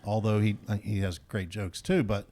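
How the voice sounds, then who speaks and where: A man's voice: fairly low pitch, level tone, normal speed, mellow. A man with a Midwestern American accent, explaining his views in a chatty, casual podcast conversation. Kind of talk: casual chat.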